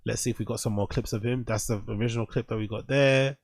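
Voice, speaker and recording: A man's voice: mid-range voice, fast, dry recording. Profane man reacting to clips. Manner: profane, animated, talks over the clips. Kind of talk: casual reaction commentary.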